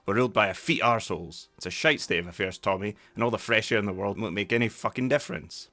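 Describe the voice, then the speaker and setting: A man's voice: on the low side, fast talker, pitched above the performer's own voice. A Scottish man reciting a young Scottish man's angry, sweary tirade about his country. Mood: bitter. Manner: angry sweary tirade, louder than his usual talk.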